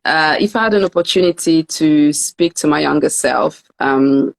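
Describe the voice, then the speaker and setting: Woman, young adult, gravelly fry, stammering, earnest, interview host. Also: low voice, normal speed. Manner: stammering, repeats words, warm and earnest. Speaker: author and host. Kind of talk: emotional interview and live translation.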